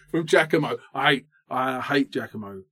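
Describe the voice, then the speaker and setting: A man in his thirties, co-hosting a comedy podcast with an animated, self-mocking ranting delivery. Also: mid-range voice, a little slow. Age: 30s. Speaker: podcast co-host. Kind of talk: comic rant in casual chat.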